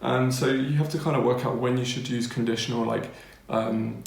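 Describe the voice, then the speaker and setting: Chatty English man, gravelly voice. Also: mid-range voice, fairly even intonation, normal speed, roomy sound. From England. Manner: chatty, keeps checking in with listeners. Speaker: language-learning teacher. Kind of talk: casual spoken lesson.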